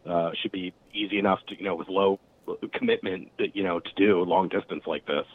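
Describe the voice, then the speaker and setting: Deep-voiced musician on a tinny line. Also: male voice, brisk. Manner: rambling, filler-heavy, relaxed storytelling. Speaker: band member guest. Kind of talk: casual interview talk. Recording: phone-like narrow sound.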